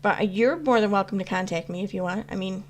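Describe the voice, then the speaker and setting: A woman's voice: mid-range voice, quick pace, a little hiss or hum. A woman chatting casually on a live stream, answering chat with rambling talk full of fillers and restarts. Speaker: YouTube commentary host answering live chat.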